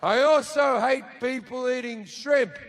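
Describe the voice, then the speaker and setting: A man's voice: very high voice, measured pace, very noisy. A man performing a profane, storytelling stand-up comedy routine on a theater stage.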